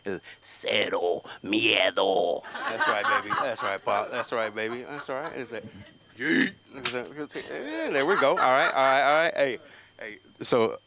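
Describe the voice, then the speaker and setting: A middle-aged man doing a stand-up set at a comedy open mic, telling stories and jumping into high voices for other people. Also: very animated, normal speed, creaky, very noisy. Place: comedy club stage.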